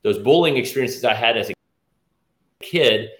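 A man's voice: medium pitch, animated, normal speed, roomy sound. A middle-aged man from the American South, an orthopedic surgeon interviewed as a guest, talking with many restarts and fillers. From Nashville, US South. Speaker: guest, orthopedic surgeon and task force chair. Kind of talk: interview conversation.

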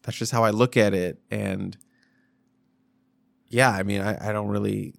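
A man with a lowish, gravelly voice talks sports in a loose, rambling way, full of fillers and restarts. He sounds like a podcast co-host in casual chat. The room is dry, with hardly any echo. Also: fairly even intonation, unhurried.

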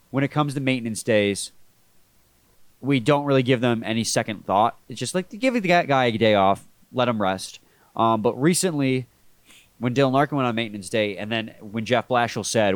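A man with a head cold hosts a sports podcast, his voice congested and sitting at an ordinary middle pitch. He talks in a laid-back, rambling way, often restarting his sentences. The recording is dry and close, with no room sound. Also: no echo. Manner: relaxed, rambling, self-correcting. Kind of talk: casual sports podcast chat.

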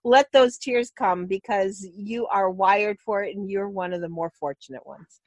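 A woman co-hosting a casual chat, softly affirming the others. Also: medium pitch, normal speed, no echo. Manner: warm affirming listener, soft murmurs.

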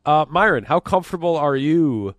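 A man's voice: fairly high pitch, expressive, moderate pace, fairly bright tone, faint music behind. A man hosting a sports radio show, teasing his co-host in casual banter and reading ads. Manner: teasing, joking.

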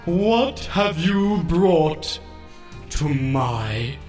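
A man voicing a huge floating many-eyed orb monster that acts as a pompous dungeon warden, speaking in a booming, drawn-out way. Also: expressive, a little mellow, reverberant, faint music behind. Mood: imperious. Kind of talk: tabletop game character voice.

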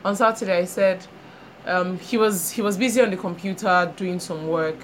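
Over a noisy crowd, a woman with a fairly low voice and moderate pace co-hosts a podcast chat show, with faint background noise in the recording. She tells a story animatedly in casual conversation, acting out the people she quotes.

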